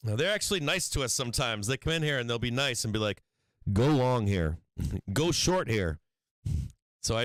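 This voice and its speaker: A man's voice: medium pitch, bright, forceful tone, clear, resonant tone, no room sound. A man hosting a stock trading livestream in casual chat, rambling and swearing freely, often breaking into laughter.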